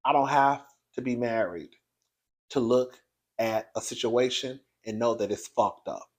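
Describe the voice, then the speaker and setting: A man hosting his own video show, giving a blunt, profane, animated commentary straight to his viewers. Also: mid-range voice, a little slow. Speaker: online show host reviewing reality TV.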